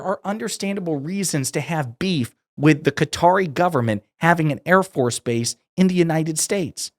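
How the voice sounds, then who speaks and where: A man's voice: fairly high pitch, moderate pace, few pauses, no room sound, clean studio sound. A man giving sarcastic, indignant political commentary as he reads out quotes and reacts to them.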